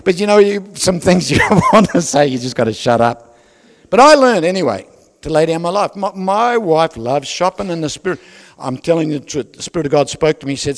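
A man's voice: on the high side, expressive, a little fast, long reverb tail. An older man with an Australian accent, preaching a sermon full of personal stories, jokes and asides to the congregation. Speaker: pastor.

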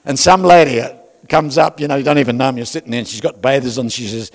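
A man's voice: mid-range voice, fairly even intonation, fast talker, big-room sound. An older man with an Australian accent, preaching a sermon full of personal stories, jokes and asides to the congregation. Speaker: pastor.

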